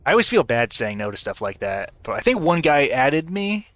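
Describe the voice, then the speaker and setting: A man's voice: mid-range voice, big pitch swings, moderate pace, a bit bright, no room sound. A man streaming live gameplay, talking casually and rambling with many restarts and frequent laughter. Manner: rambling, stammering, laughing often.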